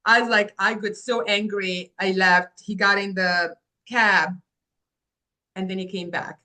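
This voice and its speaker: Appearing as an interview guest, a Moroccan agency founder shares her personal stories with real animation, voicing the dialogue and restarting quickly here and there. She has a middle-pitched voice.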